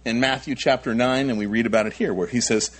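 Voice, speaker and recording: A man's voice: medium pitch, steady tone, quick pace, slight background noise. A male pastor preaching a sermon in an emphatic way, often repeating himself and adding asides.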